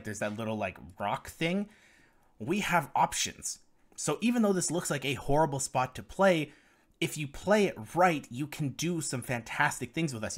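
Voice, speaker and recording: A man's voice: medium pitch, fairly bright tone. A young man commentating over gameplay footage, explaining strategy to viewers in a guide. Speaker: gaming guide creator.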